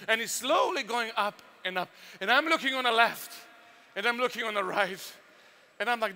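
Animated Serbian-accented man, high bright voice. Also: moderate pace. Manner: animated storyteller with sound effects. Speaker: youth workshop speaker. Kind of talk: storytelling youth workshop talk.

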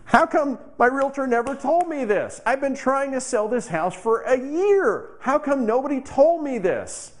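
A man's voice: very high-pitched, lively intonation, a little slow, hardly any pauses, pitched above the performer's own voice. A man voicing an exasperated male dentist in raised, incredulous outbursts. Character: indignant middle-aged male dentist, exasperated.

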